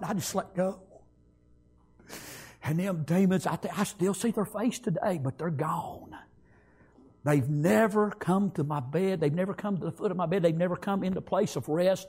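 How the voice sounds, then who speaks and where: A man giving a fervent sermon testimony, swinging from shouts to hushed tones and repeating phrases. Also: high voice, moderate pace, slightly rough.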